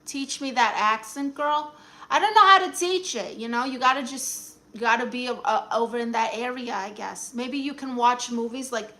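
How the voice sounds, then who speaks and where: A woman's voice: fairly high pitch, moderate pace, bright, forceful tone. A woman with a Brooklyn accent hosting a casual livestream, sassily answering viewers' comments and calling them honey. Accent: Brooklyn New York. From Brooklyn, New York. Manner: sassy, teasing, calls viewers honey. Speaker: livestream host giving advice.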